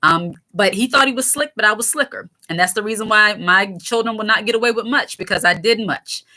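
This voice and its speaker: A woman's voice: mid-range voice, fairly quick, pushed and bright. A woman in her late thirties hosting a casual livestream, chatting candidly with viewers and laughing often. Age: 30s. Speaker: channel host reading viewer comments.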